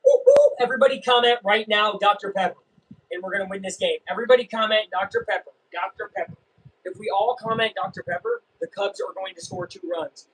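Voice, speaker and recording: A young man casually chatting and reacting while streaming a live baseball game, rambling and breaking into excited yells. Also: high voice, fast, husky, low-quality recording. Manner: rambling, self-interrupting, bursts of excited yelling. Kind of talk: casual live game watch-along chat.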